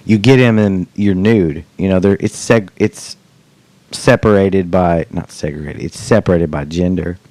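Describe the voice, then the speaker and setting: Rambling joking man, low voice, dry sound. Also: measured pace, a little mellow, no room sound. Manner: rambling, joking, swears freely. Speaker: podcast host. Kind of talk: casual chat.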